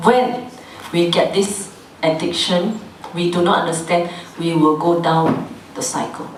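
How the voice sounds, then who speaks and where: A woman's voice: lowish voice, steady tone, measured pace, a little hiss or hum. A woman lecturing a class, repeating key phrases and often asking the class to follow along. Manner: repetitive, asks the class frequent check-in questions; acts out quoted scolding in a raised voice. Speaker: dharma class teacher. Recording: echoey hall from far off.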